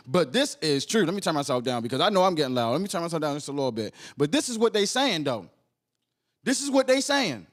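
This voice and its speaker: A man with a Baltimore accent hosting a podcast, reacting to a video in animated casual commentary, repeating himself and asking "right?". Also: fairly high pitch, fast. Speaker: podcast host.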